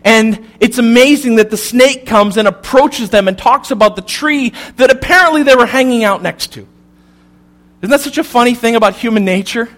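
A man preaching a sermon, telling the story with humor and dropping to a soft, serious tone at key points. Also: very high-pitched, normal speed. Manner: animated, humorous storytelling with sudden drops to soft intensity. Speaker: pastor.

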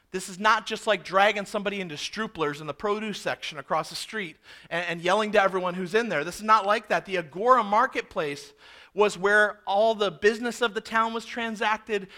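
A man delivers a sermon in a high-pitched voice. His tone is bright and sharp, and he leans hard on key words before falling to a hush. His pace stays that of a preacher explaining scripture. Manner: expressive preaching, rising and dropping for emphasis. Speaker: pastor.

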